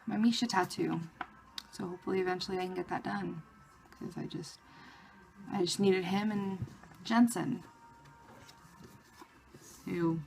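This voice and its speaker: A woman vlogger telling a story in a casual, excited way, with lots of "like" fillers. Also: on the low side, creaky. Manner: excited retelling of a fan encounter, many "like" fillers.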